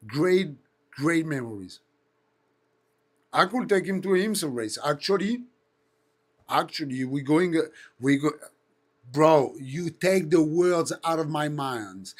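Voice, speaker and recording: A man with a French accent chats loosely on a live stream, his voice sitting a touch high for a man. He swears freely and breaks into mimicked engine and turbo sounds as he tells his stories. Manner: animated storyteller, swears often, imitates engine noises. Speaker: host. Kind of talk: casual live-stream chat.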